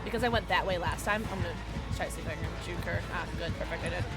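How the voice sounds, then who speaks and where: A woman streaming a game live, chatting with her viewers in a bubbly, excitable way, sometimes mumbling, sometimes shouting. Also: on the low side, racing, loud music behind the voice. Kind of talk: live gaming stream chat.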